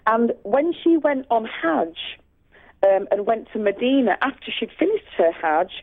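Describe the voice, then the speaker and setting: A woman's voice: fairly high pitch, lively intonation, unhurried. Earnest woman on a tinny phone line. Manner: earnest, passionate, with many restarts and fillers. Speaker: radio guest speaker. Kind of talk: storytelling on a radio show. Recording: phone-line call-in audio.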